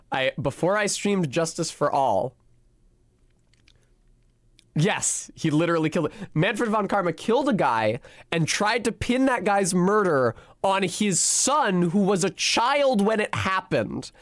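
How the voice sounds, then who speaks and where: A streamer casually talking over a video game, in an animated, chatty and profane way. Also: male voice, high-pitched, unhurried, dry recording, clean studio sound.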